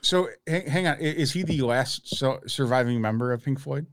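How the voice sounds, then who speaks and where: A man's voice: medium pitch, moderate pace, no room sound. Dry, sarcastic man on a podcast. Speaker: podcast co-host. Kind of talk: casual chat.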